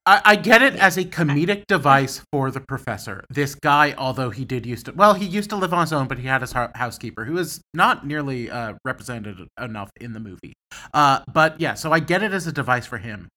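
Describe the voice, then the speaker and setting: A man with a bright, forward voice, talking in casual podcast chat. He is hesitant, restarts often and breaks off mid-phrase. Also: medium pitch, lively intonation, brisk. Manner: hesitant, self-interrupting.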